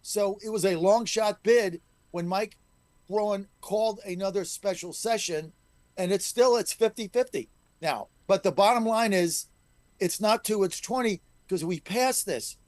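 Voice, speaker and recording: In a call-in talk radio interview, a middle-aged male state legislator speaks emphatically and combatively. His voice is high, and there's no echo.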